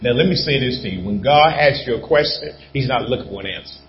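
A man's voice: medium pitch, lively intonation, quick pace, lo-fi sound, over a noisy crowd. A man preaching as pastor, stressing each point and repeating key phrases. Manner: emphatic, repeats his points. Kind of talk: sermon.

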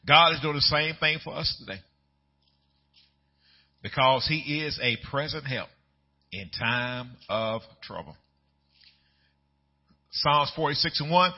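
A man preaching a sermon in a conversational style, swinging from quiet asides up to loud, excited peaks. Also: fairly high pitch, measured pace, pauses often, dull audio. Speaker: pastor.

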